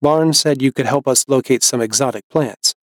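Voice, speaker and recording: Reasoning storybook doctor, measured and plain, as the reader puts him on, dry close sound. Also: male voice, medium pitch, dry recording, lightly acted.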